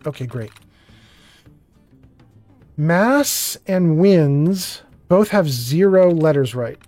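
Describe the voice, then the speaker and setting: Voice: mid-range voice, a little mellow. A streamer talking through a game and rambling into a self-deprecating story, full of fillers. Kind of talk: gameplay commentary and storytelling.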